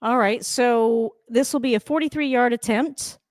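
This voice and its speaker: A woman hosting a casual live football reaction, excitable and swearing, often laughing and talking straight to the coach. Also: on the high side, moderate pace, no room sound, studio quality. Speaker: sports reaction host. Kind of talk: casual live game commentary.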